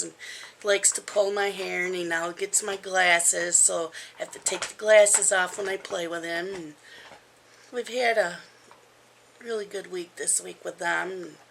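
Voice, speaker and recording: Gravelly, bright-voiced woman chatting. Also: lowish voice, slight background noise. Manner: chatty, rambling with ums. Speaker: crafting vlogger. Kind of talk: casual vlog chat. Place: at home.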